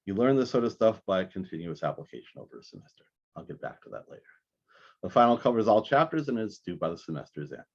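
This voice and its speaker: A man teaching a math class over a recorded video call, talking in a halting way with many restarts. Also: on the low side, big pitch swings, lo-fi sound. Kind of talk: recorded online class lecture.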